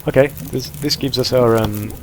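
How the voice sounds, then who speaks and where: A man giving relaxed let's-play commentary, thinking aloud as he sorts through supplies and plans his next move. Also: mid-range voice, moderate pace, background noise. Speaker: gameplay commentator.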